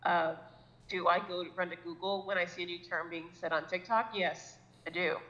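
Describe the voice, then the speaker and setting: Thirties woman, podcast co-host, rambling self-deprecating chat, bright tense tone, muffled lo-fi audio. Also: lowish voice, fairly even intonation, normal speed. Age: 30s. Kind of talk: casual chat.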